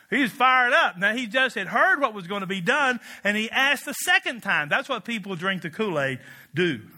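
High, bright preaching man. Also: normal speed. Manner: animated, jokey, rising to excited shouts. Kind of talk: storytelling sermon.

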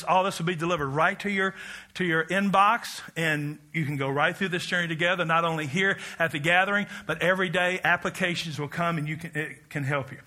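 A middle-aged man preaching a sermon, telling stories with self-mocking humor and bursts of loud exclamation. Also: high voice. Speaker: pastor.

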